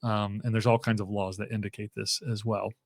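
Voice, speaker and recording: A man's voice: lowish voice, flat delivery, brisk, vocal fry, dry recording, studio quality. A man speaking as a guest professor in a casual interview, thinking aloud with frequent fillers and restarts.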